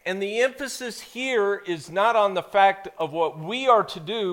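A man preaching a sermon as pastor, reading scripture slowly and then preaching with strong emphasis. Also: high voice, animated, a bit bright. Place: church sanctuary.

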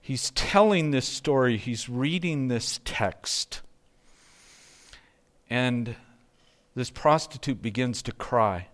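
A man preaching a sermon in a slow, measured way, letting phrases drop to a hush at their ends. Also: medium pitch. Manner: slow, measured preaching, softening to hushed endings. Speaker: pastor.

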